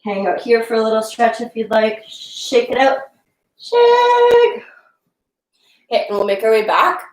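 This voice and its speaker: A woman's voice: fairly high pitch, fairly even intonation, a little fast, reverberant, poor audio. A young woman leading a live yoga class, casual and encouraging, laughing often and a little out of breath as she moves through the poses. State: slightly out of breath. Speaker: yoga instructor.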